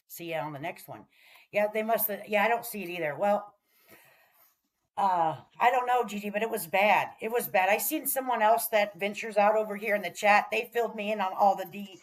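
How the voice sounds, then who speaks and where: A woman hosting a casual livestream, talking to her chat in a folksy way and swearing freely. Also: mid-range voice. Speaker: livestream host.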